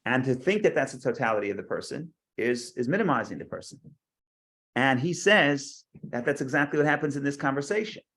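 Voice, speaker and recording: Guy giving a torah class, gravelly fry, mid pitch, keeps repeating words and asking questions. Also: animated, a little fast, fairly bright tone. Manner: talks in restarts and repeats words, asks rhetorical questions. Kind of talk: classroom lecture on scripture.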